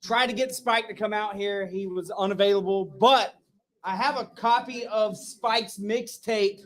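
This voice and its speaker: A man's voice: high voice, fairly even intonation, a little slow. A man auctioning off a keepsake at a political rally, playfully prodding the bidders. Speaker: fundraiser auctioneer. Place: brewery rally. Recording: echoey space with crowd.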